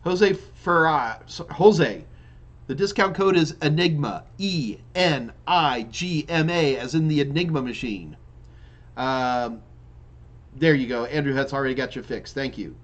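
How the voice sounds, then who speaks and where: A man's voice: mid-range voice, lively intonation, a little slow, highs cut off. A man hosting a live question-and-answer stream, reading out viewer questions and answering them in a loose, chatty way with many restarts, yawning now and then. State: yawning repeatedly. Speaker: live Q&A host and IT trainer.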